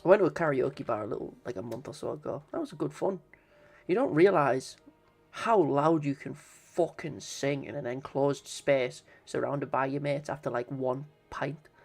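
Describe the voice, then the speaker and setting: A man's voice: mid-range voice, moderate pace, creaky, darkish tone, soft background music. A man streaming casually, swearing and bantering with his chat.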